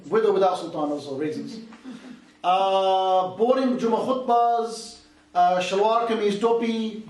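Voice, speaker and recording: A man in his forties from England giving a chatty, storytelling motivational talk to a youth audience as an Islamic speaker. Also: high voice. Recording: echoey hall from far off.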